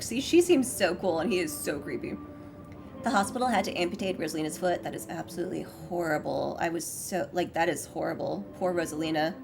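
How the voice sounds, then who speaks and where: A woman giving casual, excitable commentary while playing a story game, reading on-screen text aloud. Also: lowish voice. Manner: bubbly and excitable, gushes over characters; switches to a hushed voice to read game text. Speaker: let's play gamer.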